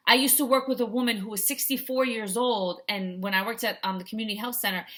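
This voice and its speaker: A woman's voice: on the high side, steady tone, quick pace, bright, forceful tone. A middle-aged woman life coach in a chatty vlog, telling a story and often checking in with "right?". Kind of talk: casual vlog talk to camera.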